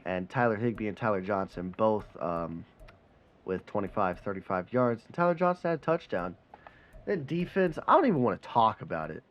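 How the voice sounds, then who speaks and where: A young man giving casual, animated commentary over a football video game, cursing and swinging between frustration and excitement. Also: lowish voice, brisk. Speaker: gaming commentator. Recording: slightly dull sound, faint background noise.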